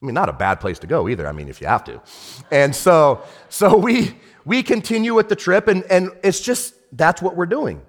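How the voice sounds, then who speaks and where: Lebhafter Pastor in einer Kirchenhalle. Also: male voice, sits high, normal speed. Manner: animated, chatty, many restarts and asides. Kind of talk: sermon storytelling. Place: church. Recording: church hall reverb.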